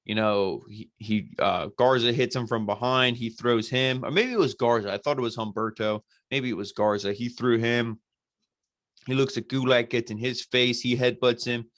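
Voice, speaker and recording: A man's voice: medium pitch, moderate pace, a bit bright, no room sound. A man hosting a podcast, recapping a show casually in a blunt, profane, exasperated way. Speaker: podcast host reviewing wrestling.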